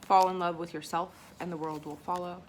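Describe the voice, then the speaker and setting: A woman's voice: fairly low pitch, level tone, a little fast, slight background noise. A woman vlogging an unboxing at home, reading affirmation cards and talking in an emotional, self-conscious way, a bit teary from crying. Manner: emotional and self-conscious, soft and tearful at times.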